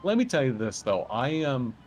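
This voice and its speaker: A man from Southern Ontario chatting casually as a podcast guest, rambling and halting with lots of fillers and restarts. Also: medium pitch, sing-song, a little mellow, faint music behind. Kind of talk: casual chat.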